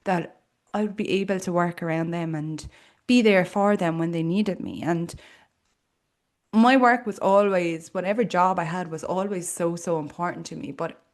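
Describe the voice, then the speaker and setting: A woman's voice: lowish voice, normal speed. A woman with an Irish accent hosting a podcast, talking earnestly and reflectively in a personal monologue with casual fillers. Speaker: podcast host.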